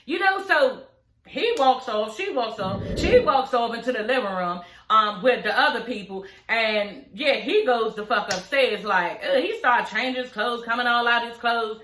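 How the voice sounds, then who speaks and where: Animated, profane woman in an echoey room. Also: on the high side, moderate pace. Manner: animated, profane, addresses viewers as y'all. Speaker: show recap vlogger. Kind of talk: casual reality-show recap.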